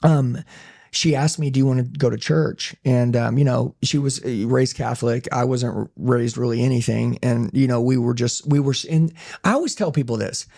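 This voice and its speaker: Gravelly, intense male business owner. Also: medium pitch, normal speed, a little mellow. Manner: intense, emphatic, says "dude" a lot. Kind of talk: casual podcast conversation.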